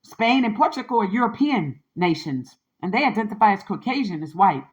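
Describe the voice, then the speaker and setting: A woman's voice: medium pitch, lively intonation, fairly quick. Woman podcast host ranting casually, slangy and sassy, keeps saying okay, muffled lo-fi sound. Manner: emphatic, keeps tagging lines with "okay?" and "trust that". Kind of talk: candid casual monologue.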